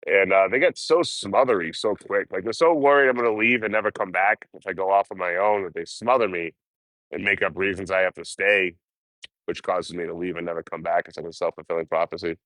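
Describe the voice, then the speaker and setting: A man's voice: sits low, brisk, fairly bright tone, dry recording. A man chatting casually with his livestream viewers, rambling and swearing as he talks about life on the road. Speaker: livestreaming traveler.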